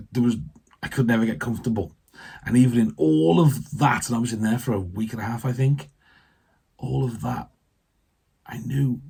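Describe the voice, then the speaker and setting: A British man, a vicar, giving a heartfelt personal faith testimony that halts and often trails off softly. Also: medium pitch, creaky, breathy edge.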